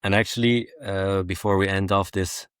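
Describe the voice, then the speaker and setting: A young adult man with a West Flemish accent co-hosting a podcast in casual chat, relaxed and full of ums and uhs. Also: deep voice, normal speed, clear, resonant tone, dry recording, studio quality. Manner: relaxed, many ums and uhs, laughs often. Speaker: podcast co-host.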